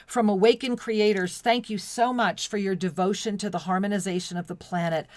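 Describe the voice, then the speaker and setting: A woman's voice: medium pitch, fairly even intonation, brisk, no room sound. A woman co-hosting a spiritual talk radio show, reading listener messages in an effusive, devotional way and often restarting her sentences. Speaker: co-host.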